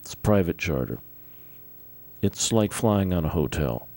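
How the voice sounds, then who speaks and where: A man's voice: deep voice, lively intonation, measured pace, gravelly, a little mellow, voice pushed down, full character voice. A man impersonating a confident, commanding male rock star while retelling a story.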